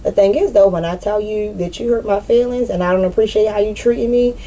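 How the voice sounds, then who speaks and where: A woman's voice: medium pitch, fairly even intonation, a little fast, warm tone, a little hiss or hum, poor audio. A woman giving a casual, unscripted spiritual monologue outdoors, blunt and profane with streetwise slang. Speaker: spiritual vlogger. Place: outdoors in nature.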